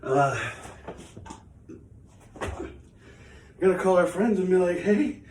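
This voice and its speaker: A man's voice: high-pitched, slow, a little mellow, distant mic, a little hiss or hum. Breathless man in an echoey studio. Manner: chatty, rambling, self-mocking. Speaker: channel host. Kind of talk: casual vlog talk while exercising. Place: home studio. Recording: echoey room, away from the mic.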